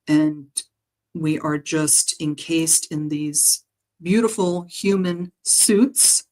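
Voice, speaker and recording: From a home livestream, a woman reads a spiritual healing message as a guided meditation, her voice low for a woman. She speaks slowly and gently, pausing often, with soft ums and quiet laughs. The recording is rough.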